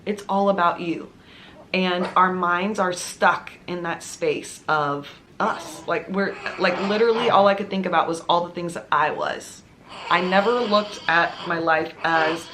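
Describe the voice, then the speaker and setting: A woman's voice: lowish voice, a little slow, noisy background. A woman vlogging at home, telling her own story to camera in an earnest, confiding, conversational way. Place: at home with her baby nearby.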